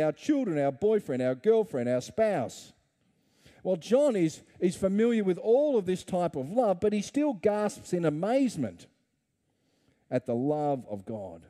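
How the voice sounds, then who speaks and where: A man's voice: fairly high pitch, warm tone. A middle-aged man, preaching a conversational sermon full of rhetorical questions and playful asides. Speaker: pastor.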